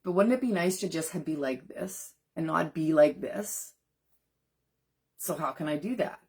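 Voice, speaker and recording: A woman with a low, slightly mellow, husky voice sounds animated but keeps a measured pace. Working as a nutrition coach, she chats on a live stream, earnestly talking straight to viewers and answering comments.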